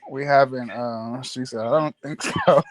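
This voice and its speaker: A man hosts a casual live stream, calling out viewers one by one with easy affection. His voice sits at an ordinary middle pitch. His talk rambles, full of fillers and quick laughs. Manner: greets viewers by name, chatty and affectionate. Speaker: livestream host.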